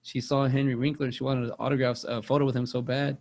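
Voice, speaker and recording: A man's voice: medium pitch, little pitch movement, quick pace, gravelly, a little mellow. A young man, rambling through a casual movie chat on a podcast and repeating words as he tells stories. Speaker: podcast co-host.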